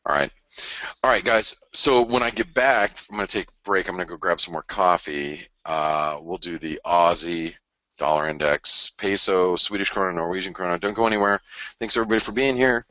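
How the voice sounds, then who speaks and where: A man's voice: low voice, a little fast, sharp tone, no room sound. A man hosting a live forex trading webinar early in the morning, tired from waking before dawn, chatty and rambling with many fillers and repeated phrases. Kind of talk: live market analysis, casual and rambling.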